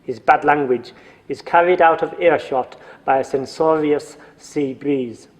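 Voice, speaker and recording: A man's voice: on the high side, a little mellow, big-room sound. A man narrating a story from a script in a dry, wry manner.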